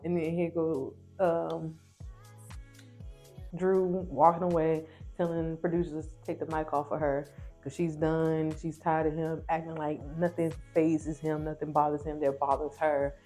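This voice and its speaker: A woman casually recapping a reality TV episode, chatty and opinionated, retelling scenes quickly. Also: sits low, level tone, mellow, faint music behind.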